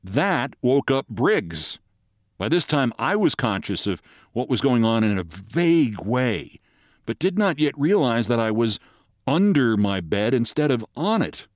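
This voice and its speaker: A man hosting a podcast, reading a short story aloud in a lively storytelling manner. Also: unhurried, dry recording, clean studio sound. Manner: lively storytelling, jumps high for quoted shouts. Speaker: podcast host.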